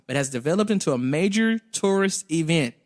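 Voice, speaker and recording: A young man co-hosting a comedy podcast, reading out facts with frequent giggles in a casual, animated way. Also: a little high, a little fast. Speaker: podcast co-host.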